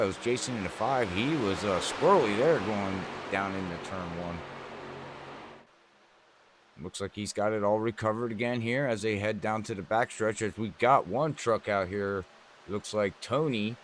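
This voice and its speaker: A man giving color commentary on a sim racing event, rambling through relaxed analysis. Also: fairly low pitch, normal speed, noisy background.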